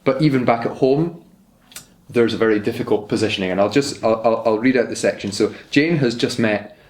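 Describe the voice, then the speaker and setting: A man's voice: mid-range voice, fairly quick, darkish tone. A young man, a doctoral researcher, explaining literature in an interview, thoughtful and hesitant, with restarts. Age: young adult. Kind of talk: academic interview, explaining and reading aloud. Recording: roomy echo.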